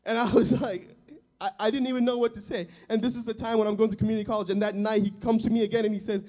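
A man in his twenties preaching a sermon, telling his own testimony in an earnest, emotional way that swells loud and drops soft. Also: sits high, flat delivery, fast talker. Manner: earnest and emotional, loudness rising and falling.

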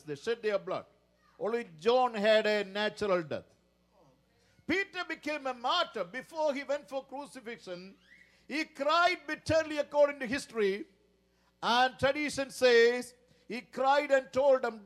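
A man preaching a sermon in a slow, dramatic way, often repeating a stock praise phrase. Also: very high-pitched, animated.

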